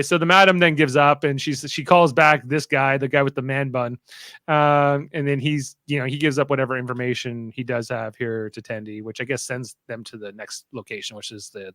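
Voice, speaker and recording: A man's voice: mid-range voice, fairly bright tone, no room sound. A man hosting a podcast, recapping a TV episode in casual chat, rambling with lots of fillers and restarts. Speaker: podcast host.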